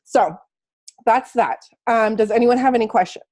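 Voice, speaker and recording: Over a video call, this woman, a fitness and life coach, encourages her online group in an earnest, casual pep talk, repeating phrases to stress them, then chats loosely with fillers. Her voice is on the high side with a darkish tone, at a moderate pace.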